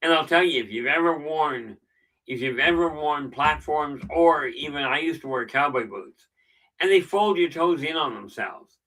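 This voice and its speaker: A man's voice: on the high side, expressive, normal speed, a bit bright, distant mic, low-quality recording. A middle-aged man hosting a casual live stream, telling stories with dry jokes. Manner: chatty storyteller with dry jokes. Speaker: channel host.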